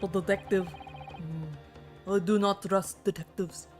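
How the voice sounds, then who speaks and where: A woman's voice: steady tone, takes it slowly, faint music behind. A woman voicing a suspicious old man with a put-on Russian accent, curt and clipped. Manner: curt, distrustful, low and clipped. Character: gruff suspicious old male passenger.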